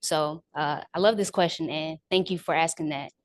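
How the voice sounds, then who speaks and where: A woman's voice: low-pitched, normal speed. A woman giving a candid, reflective impromptu answer at a speaking club.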